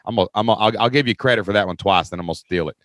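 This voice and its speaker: A man with a lowish voice hosting a podcast, recorded dry and close with no room sound. He is enthusiastic, laughs easily, and keeps saying "man" and "dude" as he reacts to his guest. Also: very fast, a bit bright, no echo. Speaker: podcast host, former school teacher. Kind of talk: podcast interview, casual chat.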